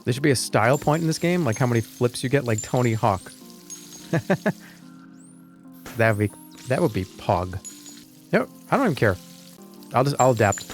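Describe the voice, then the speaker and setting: A man's voice: medium pitch, lively intonation, normal speed, long pauses, faint music behind. A man chatting casually with his viewers while playing a game, wry and rambling. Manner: wry, rambling, talks to chat. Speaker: streamer. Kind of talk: casual live-stream gameplay chat.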